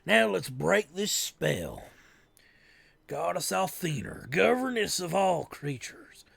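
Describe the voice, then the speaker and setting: A man's voice: sits high, huge pitch swings, slow pace, vocal fry, a bit bright, husky, dry recording, full character voice. Man putting on a drawling southern priest. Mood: prayerful. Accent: put-on American Southern. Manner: solemn, incanting prayers. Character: brash young male priest with a southern drawl.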